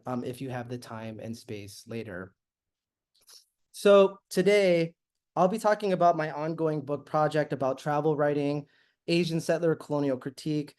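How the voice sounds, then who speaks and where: Sex: male. Role: university professor and guest lecturer. Style: academic lecture, measured, reads from notes with some ums. Pitch: somewhat high for a man. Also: dark tone. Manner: measured, reads prepared text with occasional fillers.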